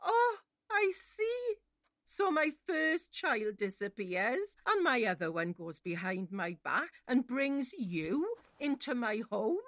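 A woman's voice: on the high side, big pitch swings, takes it slowly, few pauses, no echo, clean studio sound, full character voice. A woman playing a furious grieving mother. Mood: enraged. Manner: shouting, tearful accusations. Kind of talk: audio drama acting.

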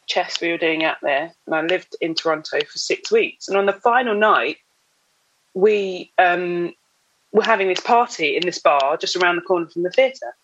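A woman, a guest actress on a casual podcast, telling stories with lively laughter. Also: on the low side, muffled recording, slight background noise. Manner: animated storyteller, laughs often.

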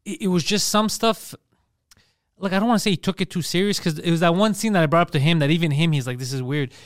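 High fast-talking guy on a podcast, animated storyteller, dry close sound. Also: dry recording. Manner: animated storytelling with acted-out quotes; laughs through his stories. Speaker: podcast co-host. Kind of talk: casual podcast chat.

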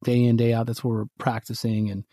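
A man co-hosting a podcast, telling a story in casual chat and acting out his own quotes with lively energy. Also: medium pitch, brisk, no echo, clean studio sound. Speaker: podcast co-host.

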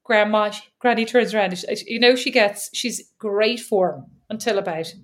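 A woman's voice: mid-range voice, normal speed. A woman in her thirties with an Irish accent, co-hosting a podcast in casual chat, teasing her co-host and laughing often. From Ireland.

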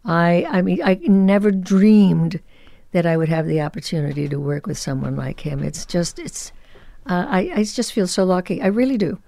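Expressive woman in her eighties. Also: fairly low pitch, normal speed, vocal fry, dry recording. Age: 80s. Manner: expressive storyteller, drops to soft asides. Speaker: guest. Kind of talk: casual interview conversation.

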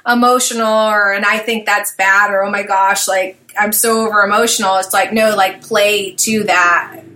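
A woman's voice: medium pitch, steady tone, moderate pace, sharp tone. A woman hosting a podcast, chatting casually and thinking aloud with lots of filler words. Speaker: podcast host. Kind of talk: podcast conversation.

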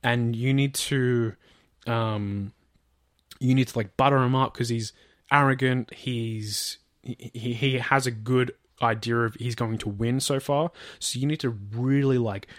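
A man's voice: medium pitch, fairly even intonation, measured pace, no echo, clean studio sound. A man co-hosting a casual chat, retelling a story with many fillers, some swearing and acted-out quotes. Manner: rambling, lots of fillers, swearing, acts out quotes. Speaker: podcast co-host.

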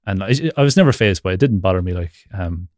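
A man's voice: sits low, animated, quick pace, a little mellow, dry recording, studio quality. A man as a guest on a video-call interview, rambling casually with lots of fillers and frequent laughs. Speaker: podcast guest.

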